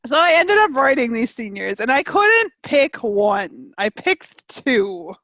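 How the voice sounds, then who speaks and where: A woman's voice: a little high, big pitch swings, slow, fairly bright tone, no echo. A woman from Canada co-hosting a casual chat podcast, rambling cheerfully with lots of fillers and laughter. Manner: chatty, laughs often, many fillers. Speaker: podcast co-host.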